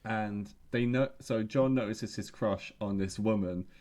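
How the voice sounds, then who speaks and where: Low-voiced man retelling episode scenes. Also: darkish tone. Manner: retells scenes with quick acted quotes. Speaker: podcast co-host. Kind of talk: casual chat.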